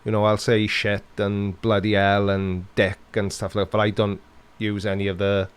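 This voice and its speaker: A Welsh man hosts a casual live stream, working through viewers' questions with sarcastic, dry humor and plenty of laughs. His fairly low voice is delivered completely flat, at normal speed, with a clean tone.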